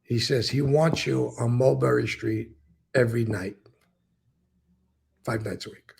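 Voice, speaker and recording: A former mobster, speaking in a mid-range, gravelly and husky voice with a steady, darkish tone, takes his time telling stories about his past in a casual interview. He acts out what others said, repeats words, and swears often.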